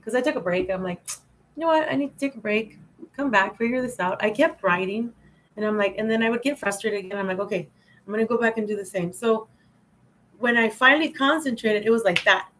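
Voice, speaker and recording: A woman's voice: medium pitch, quick pace, a bit bright, rough recording. A woman hosting a casual spiritual livestream, rambling and repeating phrases, often laughing. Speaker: livestream host.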